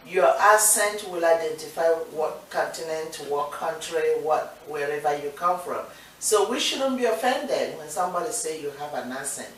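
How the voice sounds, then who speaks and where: Co-hosting a laid-back talk show, this Nigerian-accented woman from Nigeria encourages listeners with earnest words, restating her points to stress them. Her voice is lowish, and the distant, echoey room sound carries slight background noise.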